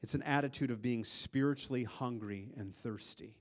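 A pastor preaching a sermon, earnest, with a voice that swells louder and then drops to a hush, often repeating words as he restarts. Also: medium pitch, normal speed. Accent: Upper Midwest American.

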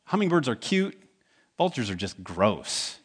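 A man's voice: medium pitch, big pitch swings, unhurried, a little hiss or hum. A man preaching a sermon as pastor, talking in a conversational way and asking the congregation questions. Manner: acts out quoted voices in the stories.

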